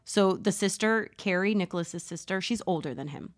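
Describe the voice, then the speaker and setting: A woman podcast host telling a true crime story in casual chat, animated, swearing casually and laughing often. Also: medium pitch, normal speed.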